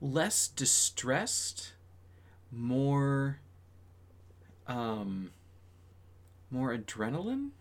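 Brief: husky woman director, very deep voice, lively intonation, coaching takes. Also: very slow, pauses often. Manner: coaching, patient, gives notes on sounds and tone. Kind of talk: directing actors in a recording booth.

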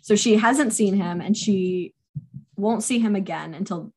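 A woman's voice: medium pitch, measured pace, darkish tone, slightly rough. A young woman co-hosting a podcast, chatting casually about a book and laughing often. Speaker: podcast co-host. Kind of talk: casual book-club chat.

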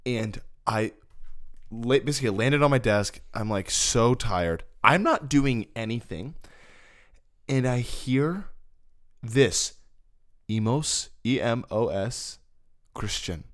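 A man telling personal stories in a relaxed, casual conversation, with conversational asides to his listener. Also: medium pitch.

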